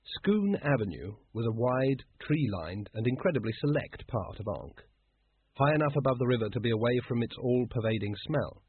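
A man narrating an audiobook with dry, measured storytelling and a very husky voice. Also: medium pitch, lively intonation, slight background noise. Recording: dry, phone-like narrow sound.

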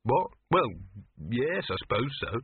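A man's voice: mid-range voice, big pitch swings, measured pace, breathy edge, dry recording, heavily acted. A man voicing a plain, earnest young man with a dry way of talking. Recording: tinny phone-like dry recording.

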